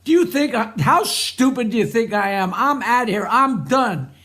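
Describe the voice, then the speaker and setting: A man's voice: very high voice, animated, sharp tone, exaggerated voice. A man voicing an impatient, huffy customer. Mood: indignant. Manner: blunt, impatient, quick to storm off. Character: gruff man haggling over a talking dog.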